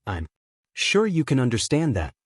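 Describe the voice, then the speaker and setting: A shy teenage boy voiced by a man sets his boundaries in a calm, firm tone. The voice is middle-pitched and recorded close and dry. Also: moderate pace, husky, no room sound.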